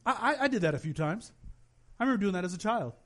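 High-voiced animated male preacher. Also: fast talker. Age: adult, has children. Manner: animated storytelling, voices quoted parents. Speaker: pastor. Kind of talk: sermon.

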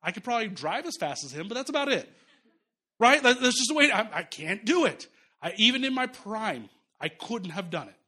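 A man in his thirties preaching a sermon, playful and animated, acting out voices with sudden swings in pitch and volume. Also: fairly quick, husky. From Jamaica. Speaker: pastor.

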